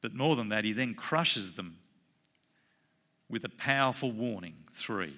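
A male pastor gives a lively sermon in a bright, forceful voice at a middling pitch. He talks casually with fillers and jumps up high when acting out quoted voices. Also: measured pace. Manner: animated, acts out quoted voices with rising pitch; conversational, with fillers.

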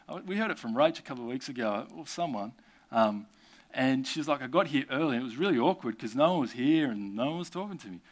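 A man preaching a sermon to a church gathering, earnest and conversational, with casual asides. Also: medium pitch.

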